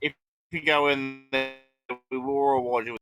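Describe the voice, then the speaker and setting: A man's voice: medium pitch, fairly even intonation, normal speed, pushed and bright, faint music behind, poor audio. A man playing a tabletop game, talking in a hesitant, casual way full of ums. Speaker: player.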